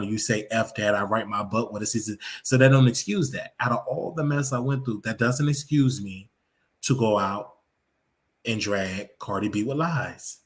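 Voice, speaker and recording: A man hosting a live reaction commentary show, talking in an emphatic, preachy way and repeating his points. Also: lowish voice.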